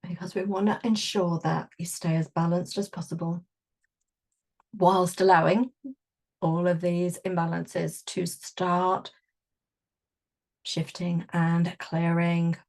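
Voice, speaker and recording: A woman leading an energy-healing workshop, explaining in a gentle, conversational way and guiding listeners through affirmations. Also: lowish voice, level tone, slow, pauses often. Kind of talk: guided workshop teaching.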